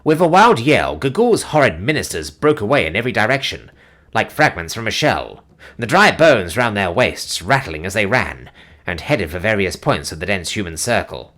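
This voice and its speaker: A man giving a dramatic, highly expressive scripted audiobook narration. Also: moderate pace.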